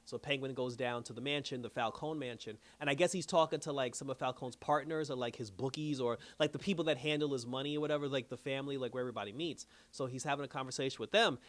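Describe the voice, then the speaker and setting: A man's voice: mid-range voice, steady tone, fast talker, hardly any pauses, fairly bright tone. A man giving a casual, slangy recap of a TV episode, telling the story loosely with lots of fillers. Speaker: show reviewer.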